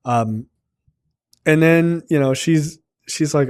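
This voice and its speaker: A man's voice: a little high, slow, long pauses, darkish tone, clean tone. A man co-hosting a film podcast, retelling movie scenes in a loose, profane casual chat full of fillers. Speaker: podcast co-host reviewing a film.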